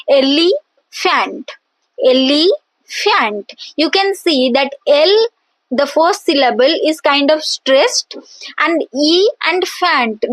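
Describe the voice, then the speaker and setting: Slow, high-voiced woman explaining poetic meter. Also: dry recording, low-quality recording. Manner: slow, deliberate, with frequent fillers and repetition; drawn-out pronunciation of example words. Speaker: teacher. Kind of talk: explanatory lesson.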